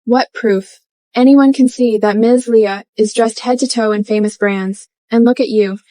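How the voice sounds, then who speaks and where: A woman's voice: a little high, fairly even intonation, a little slow, warm tone, no room sound, lightly acted. A woman playing a snobbish shop clerk. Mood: contemptuous. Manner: contemptuous, bossy and fawning. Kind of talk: English dub of a short drama.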